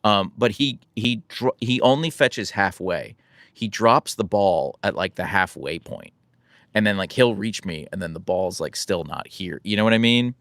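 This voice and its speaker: A relaxed American man chatting with his live audience, rambling and poking fun at himself. His low voice carries a gravelly fry and swings up and down a lot as he talks. The sound is close and dry, with no room around it. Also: normal speed, no echo. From United States. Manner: relaxed, rambling, self-deprecating. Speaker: livestream host answering chat. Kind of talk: casual live chat.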